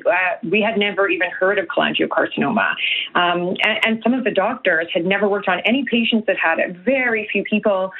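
A woman from Canada, earnest and a little emotional, speaking as a radio guest over the phone. Her voice comes through a tinny, narrow phone line. She talks with many fillers and restarts. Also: medium pitch. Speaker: guest, nutritionist and health coach.

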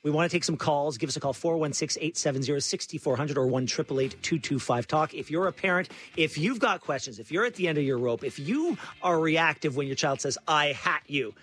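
A man's voice: fairly high pitch, a bit bright. A man hosting a radio talk show, eagerly introducing his guest and inviting callers. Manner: eager, chatty, quick backchannels. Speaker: radio host.

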